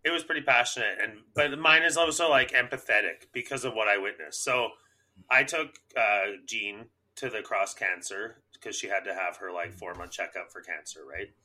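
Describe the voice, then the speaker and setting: A young adult man, a podcast co-host, ranting in a casual chat, profane and animated. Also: on the low side.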